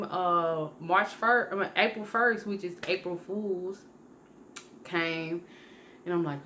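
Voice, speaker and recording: A woman's voice: on the low side, normal speed, slight background noise. A young woman vlogger telling a personal story in a casual, rambling way, restarting and correcting herself often. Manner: rambling, conversational, with many restarts and self-corrections; lively when acting out her own past lines.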